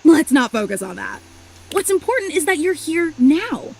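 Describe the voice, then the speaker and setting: A woman's voice: high voice, sing-song, normal speed, poor audio. A woman voicing an overly emotional, clingy young female superfan in a video game, gushing and apologizing in a tearful rush. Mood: adoring.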